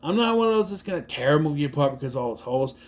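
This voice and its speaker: A young adult man casually recapping and reviewing a movie, rambling and jumping into quick impressions of the characters. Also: on the high side, very animated.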